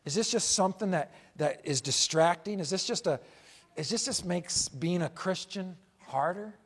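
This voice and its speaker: A male pastor preaching a sermon, emphatic and repetitive, asking rhetorical questions and swinging from loud declarations to hushed asides. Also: high voice, normal speed, breathy edge.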